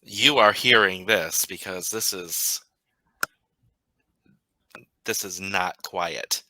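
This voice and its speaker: Slow, very bright-voiced male storyteller. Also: sits low, no echo, poor audio. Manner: unhurried, halting narration with frequent ums. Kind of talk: narrating a tabletop role-playing game.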